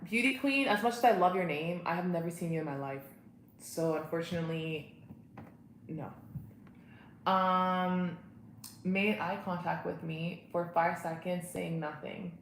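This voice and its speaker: Speaking unhurriedly in a voice on the low side, a young woman hosts a laid-back livestream from home. She chats and answers comments from viewers, and the room sounds echoey, with a little faint background noise.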